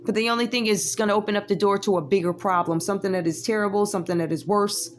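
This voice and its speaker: A woman's voice: mid-range voice, fairly even intonation, rapid-fire, a little hiss or hum. A woman, giving a casual tarot reading with sassy, chatty asides to her viewers. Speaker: tarot reader.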